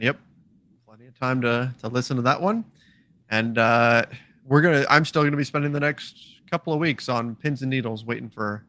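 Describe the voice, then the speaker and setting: A man's voice: medium pitch, fairly bright tone, dry recording. A man co-hosting a casual live stream, easygoing and agreeable. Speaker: podcast co-host.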